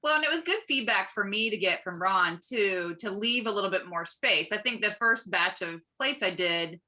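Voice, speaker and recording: Woman, potter, video call chat, friendly, bright tone. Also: medium pitch, expressive, normal speed. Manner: friendly, laughs often.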